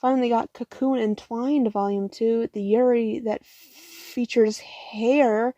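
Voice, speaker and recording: A woman's voice: fairly high pitch, fairly even intonation, slow pace, mellow, no room sound. Tired, profane young woman rambling about manga. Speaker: manga haul vlogger. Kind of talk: casual haul vlog.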